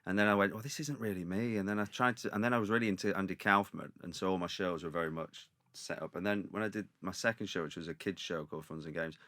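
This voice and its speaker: A comedian telling rambling anecdotes in casual chat, acting out quotes in lively voices. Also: male voice, deep voice, quick pace, hardly any pauses, dry recording. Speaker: comedian guest.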